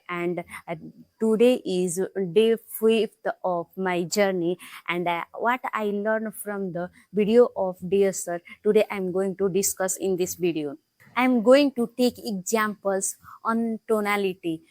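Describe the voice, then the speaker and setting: A woman records a casual practice vlog about speaking English. She talks haltingly with frequent fillers, in a mid-pitched voice, and punches out each example sentence with a rising tone. The sound is dry and close to the mic. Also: darkish tone, dry recording. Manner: hesitant, many fillers, learner English. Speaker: English learner vlogger.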